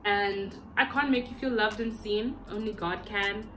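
A woman's voice: mid-range voice, unhurried, a bit bright, slight background noise. A South African woman in her twenties, a YouTuber chatting casually to the camera from her bedroom at home in a playful, talkative way, with faint music behind her. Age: 20s. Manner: chatty and playful, breaks into silly voices.

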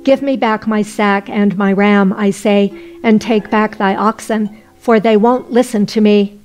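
A woman's voice: medium pitch, fairly even intonation, unhurried, darkish tone, faint music behind, natural voice. A woman voicing a simple, stubborn poor man in a folk tale, speaking bluntly in old-fashioned phrases.

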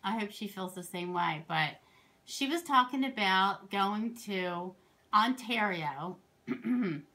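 A woman from Pennsylvania talks through her craft projects in a casual show-and-tell. She rambles happily, stacking asides and side stories. Her voice sits at an everyday middle pitch. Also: slow. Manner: rambling and excitable, with many asides. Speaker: crafting vlogger.

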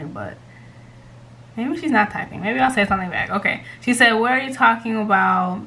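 A woman's voice: mid-range voice, fairly even intonation, moderate pace, a bit bright. A young woman vlogger chatting casually to camera, giggly and full of "like" fillers. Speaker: vlogger pranking her best friend.

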